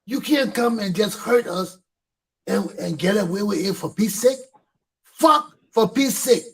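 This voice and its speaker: A middle-aged Liberian man hosts his talk show in a fiery, impassioned monologue. His voice sits fairly high with a husky, rough edge. He hammers his points home by repeating them and swearing. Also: normal speed, low-quality recording. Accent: Liberian English.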